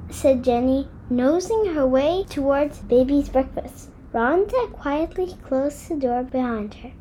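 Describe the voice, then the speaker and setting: Storybook reader, woman: high, lively pitch, unhurried pacing. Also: slight background noise. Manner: expressive, deliberate read-aloud. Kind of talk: reading a children's book aloud.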